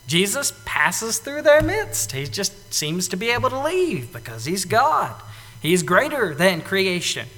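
A man preaching a sermon in an animated way, acting out the lines he quotes, now loud and now soft. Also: high voice, long reverb tail. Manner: animated, acts out quoted lines with big swings in loudness.

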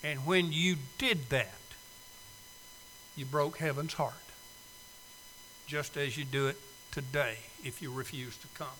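A male preacher giving a sermon invitation in a church, pleading and swinging from loud urging to soft, hushed appeals. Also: on the high side, slow pace, long pauses, big-room sound, a little hiss or hum, rough recording. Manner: pleading, swells loud then drops soft. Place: church sanctuary.

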